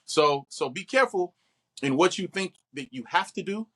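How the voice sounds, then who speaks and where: A middle-aged man, an actor, talking animatedly in an interview and acting out quoted voices. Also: moderate pace. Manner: expressive, acts out quotes with big pitch jumps.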